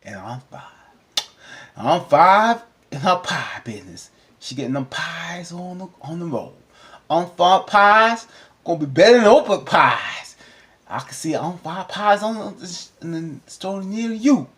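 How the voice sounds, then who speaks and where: A man with features recaps a TV episode in a loose, rambling way, cutting himself off mid-thought. His voice jumps between high and low as he gets animated. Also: unhurried. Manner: animated, rambling, self-interrupting. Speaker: TV recap vlogger. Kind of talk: casual chat.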